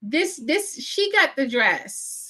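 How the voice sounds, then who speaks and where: A woman with a slightly high voice chats casually as she hosts a live movie watch party. Her commentary is playful and full of slang. She sounds tired from an early start. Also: big pitch swings, slow, pushed and bright. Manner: chatty and playful, with slangy asides.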